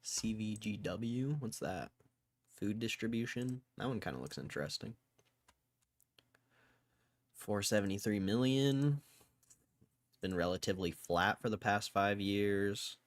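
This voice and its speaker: A man's voice: on the low side, a little slow, long pauses, no echo. A man livestreaming stock market commentary, thinking aloud in a casual way and swearing freely as he mock-rants. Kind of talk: casual live-stream commentary.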